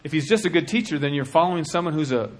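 A man preaching a sermon with passion, dropping to a hush and then rising to shouting. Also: on the high side, racing. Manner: impassioned, swings from hushed to shouting.

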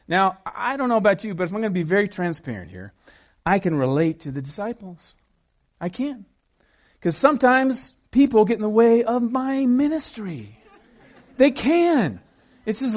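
A man preaching a sermon in an animated way, acting out the scenes and shouting the quoted cries. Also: high voice, moderate pace. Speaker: pastor.

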